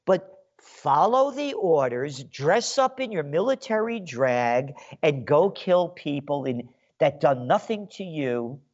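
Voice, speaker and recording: A man's voice: fairly high pitch, expressive, slow, hardly any pauses, darkish tone. A man hosting a radio show, delivering an angry, sarcastic, insulting rant. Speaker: radio host. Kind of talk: ranting radio monologue. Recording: dull lo-fi radio sound.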